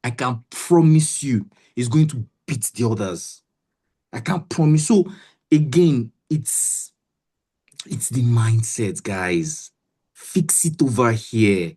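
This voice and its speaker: Nigerian woman voice coach, low and mellow, swinging pitch, pushy motivational delivery. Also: expressive, slow pace, breathy edge. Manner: emphatic, repeats herself, keeps asking "do you understand". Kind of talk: motivational webinar talk.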